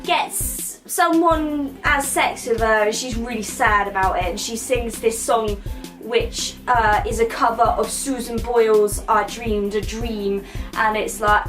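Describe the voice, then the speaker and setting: A woman's voice: a little high, steady tone, unhurried, fairly bright tone, soft background music. A woman, giving a rambling, crude, irreverent comic recap of a film. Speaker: comedic film reviewer.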